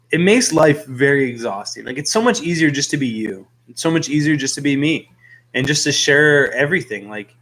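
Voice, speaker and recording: Young male store owner, earnest, rambling, middle-pitched voice, talking to camera. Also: a bit bright. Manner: earnest, rambling with many fillers. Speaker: fish store owner and YouTube host. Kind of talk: casual talk to camera. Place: his aquarium store.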